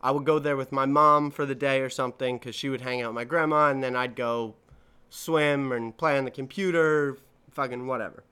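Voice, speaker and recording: Smooth-voiced young man, rambling and profane. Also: mid-range voice, steady tone, brisk, pushed and bright. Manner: rambling, profane, self-correcting storytelling. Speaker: podcast host. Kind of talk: casual solo podcast monologue.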